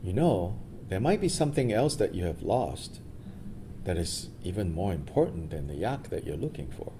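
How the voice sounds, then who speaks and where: A man voicing a kindly old wandering sage who asks calm, gentle questions. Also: low-pitched, moderate pace, gravelly, background noise, pitched below the performer's own voice, heavily acted. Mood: reflective.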